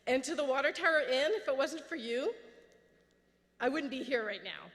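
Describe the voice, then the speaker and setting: A woman's voice: high-pitched, lively intonation, moderate pace, fairly bright tone. A middle-aged woman accepting an award, nervous and heartfelt as she thanks her mentors and colleagues. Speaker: award recipient. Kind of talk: acceptance speech. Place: large event hall. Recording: long reverb of a large hall.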